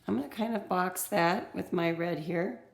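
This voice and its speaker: A woman's voice: lowish voice, moderate pace, creaky, reverberant. A woman teacher walking children through a reading worksheet, reading passages aloud and explaining them step by step.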